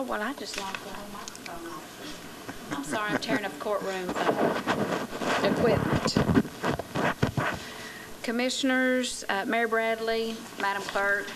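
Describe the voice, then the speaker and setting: A woman commissioner with a Southern American accent presenting a resolution with formal address, a little flustered. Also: mid-range voice. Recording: noisy meeting-room recording.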